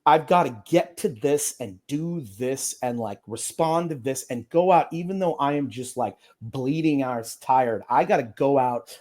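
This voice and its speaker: A man's voice: medium pitch, a little slow, darkish tone. Rambling man with lots of restarts. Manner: rambling, many fillers and restarts. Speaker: attorney guest. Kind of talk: casual interview talk.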